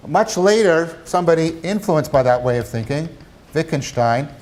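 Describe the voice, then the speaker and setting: A man giving a university lecture, animated, asking his class questions as he talks. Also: fairly high pitch, normal speed. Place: lecture hall.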